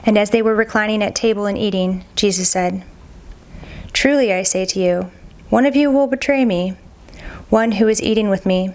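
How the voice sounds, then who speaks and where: At a medium pitch, a woman reads scripture aloud at a steady, measured pace as a Bible reader. Now and then she stumbles on a hard name and says it again.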